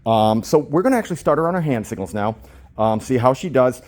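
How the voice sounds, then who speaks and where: A man in his fifties, a dog trainer, narrating a training session while holding a phone. He gushes with praise, slips into baby talk with the dog and gives crisp, short commands. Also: medium pitch, expressive, quick pace, a little mellow. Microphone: phone held in hand.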